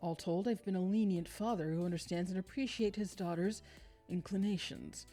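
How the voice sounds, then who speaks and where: A woman's voice: lowish voice, normal speed, mellow, faint music behind, lightly acted. A woman reading the lines of a domineering, passive-aggressive middle-aged father aloud from a game. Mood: condescending. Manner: lecturing, condescending.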